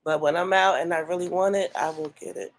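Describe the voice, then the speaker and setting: A woman's voice: lowish voice, steady tone, a little fast. A woman co-hosting a casual commentary show, musing as she reads viewer comments aloud and chats with her partner. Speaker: co-host of a couple's commentary channel.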